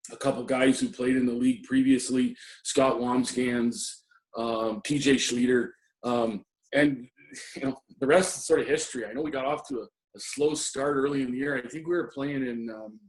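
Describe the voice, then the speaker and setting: A middle-aged man, a former assistant hockey coach, reminiscing in an interview with many ums and restarts. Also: mid-range voice. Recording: roomy echo.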